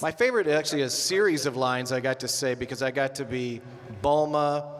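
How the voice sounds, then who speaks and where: A man's voice: medium pitch, a little fast. A man who voices cartoon characters, telling stories on a convention panel and laughing through them. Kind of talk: casual panel anecdotes. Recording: echoey hall with a crowd.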